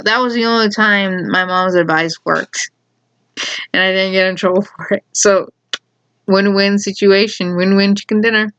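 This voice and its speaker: A woman telling a story from her school days in a casual, rambling way, repeating herself and adding animated asides. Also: mid-range voice, lo-fi sound. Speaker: storyteller vlogger.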